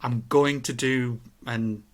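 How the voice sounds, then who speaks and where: A man co-hosting a relaxed podcast, talking in a reflective, rambling way. He questions himself aloud and restarts his sentences often. His voice sits at an ordinary middle pitch. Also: takes it slowly. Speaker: podcast co-host. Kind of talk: casual chat.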